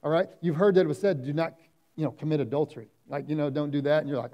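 Conversational pastor with a mellow voice. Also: male voice, a little high, steady tone, quick pace. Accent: Oklahoma. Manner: conversational preaching, acting out quoted voices. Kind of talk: sermon. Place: church sanctuary.

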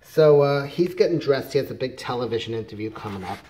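A man's voice: mid-range voice, lively intonation, fast, warm tone, a little hiss or hum. A middle-aged man casually retelling a comic book plot, rambling with many fillers and restarts. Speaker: comics reviewer.

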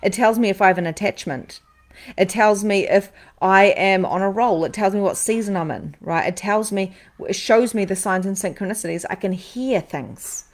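Speaking at medium pitch and a moderate pace, a podcast-hosting psychic medium addresses her live-stream viewers. She's animated, curses without restraint, and repeats phrases to hammer points home.

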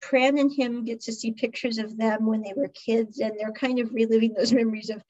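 Female podcast host, higher breathy voice, chatty recap, lo-fi muffled recording. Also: brisk. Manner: chatty, animated retelling with laughs. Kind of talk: casual drama recap. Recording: dull lo-fi recording.

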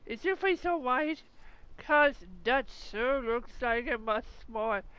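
A woman's voice: on the high side, lively intonation, slow pace, a bit bright, clear, resonant tone, muffled recording. A woman reading out a fussing animal villager. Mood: caring.

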